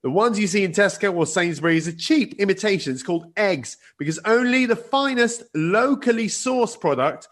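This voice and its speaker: A man's voice: sits high, lively intonation, moderate pace, hardly any pauses. A man hosting a comedy panel podcast, reading out listener answers and laughing often. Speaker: podcast host.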